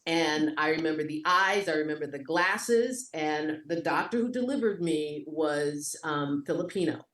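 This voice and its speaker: A woman with a New York accent, a guest actor, telling stories on a video call in a lively, expressive way. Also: deep voice, a little slow. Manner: lively, expressive, voice jumps up in animated moments. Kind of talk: conversational storytelling. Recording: echoey room, distant from mic.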